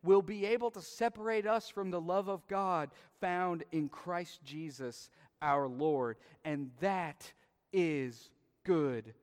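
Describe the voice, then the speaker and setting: Slow, earnest pastor in a reverberant hall. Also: male voice, fairly high pitch. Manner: slow, earnest, heartfelt storytelling. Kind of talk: sermon with closing prayer. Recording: long reverb of a large hall.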